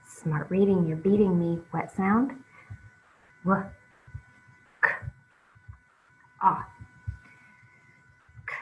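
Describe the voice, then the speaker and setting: A woman leads a children's phonics lesson at a very unhurried pace, calling out letter sounds and encouraging the young reader. Her voice sits a little low. The recording is dull and lo-fi with a faint hiss behind her. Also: steady tone. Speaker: reading teacher.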